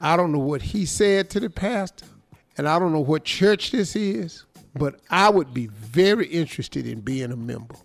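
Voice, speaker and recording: A man's voice: a little high, expressive, moderate pace, vocal fry, faint music behind. A man hosting a radio show, reading out a listener's letter and teasing it with comic commentary. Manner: playful, teasing, breaks into laughter.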